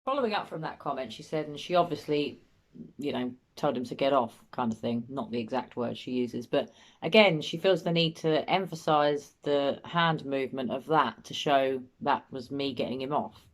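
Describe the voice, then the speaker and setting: A woman's voice: a bass voice, normal speed. A woman hosting a show, giving doubtful, musing commentary on an interview and often circling back to her points. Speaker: host, body language commentator. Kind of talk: analytical commentary.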